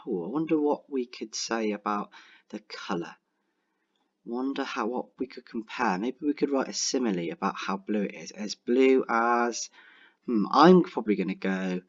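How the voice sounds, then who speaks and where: A young man teaching a writing lesson online, talking clearly and encouragingly and slowing down to dictate example sentences. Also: mid-range voice, lo-fi sound. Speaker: primary school teacher.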